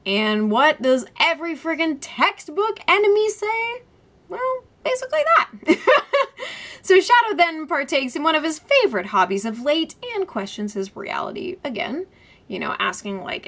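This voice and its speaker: A woman talks through a TV episode in a lively review, her voice sharp and bright. She sits a bit high in her range and laughs often between points. Her descriptions are vivid and wordy. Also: unhurried.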